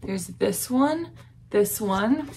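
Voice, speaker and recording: In this unboxing vlog, a young Southern US woman gasps and gushes, breathless with excitement. She speaks extremely slowly in a mid-range voice against a noisy background.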